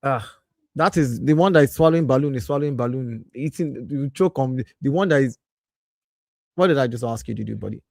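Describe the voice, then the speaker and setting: A man in his thirties hosting a casual live stream from his home office, talking in an animated way and breaking off to scold his kids and greet viewers. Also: mid-range voice, fairly quick, vocal fry, no echo, clean studio sound.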